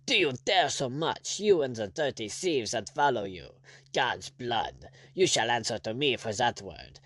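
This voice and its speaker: A man's voice: mid-range voice, sing-song, normal speed, no room sound. A man voicing a haughty, arrogant French baron general, speaking with cold disdain. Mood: angry. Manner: disdainful, icy, angry.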